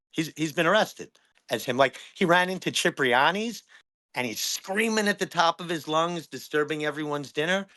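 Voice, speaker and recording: A man's voice: a little high, sharp tone. A man in his fifties, a streamer as a guest, talking in an agitated, profane way and repeating himself. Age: 50s. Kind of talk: heated conversation.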